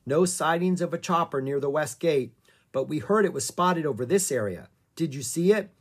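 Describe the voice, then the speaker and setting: The narrator of a storybook reading, voicing an adult female park ranger who asks questions with warm curiosity. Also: medium pitch, expressive, normal speed, husky. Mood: curious.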